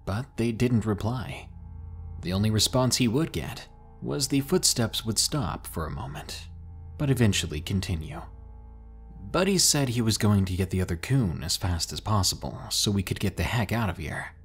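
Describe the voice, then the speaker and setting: Low-voiced man narrating scary stories. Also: animated, slightly rough. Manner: dramatic, drawn-out delivery with suspenseful pauses. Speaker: horror story narrator. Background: faint music.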